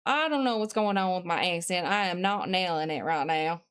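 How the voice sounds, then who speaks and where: A woman's voice: on the low side, normal speed, fairly bright tone, clean tone. A woman streamer chatting casually on a live stream, reading chat messages aloud, answering them, and thinking aloud while she studies.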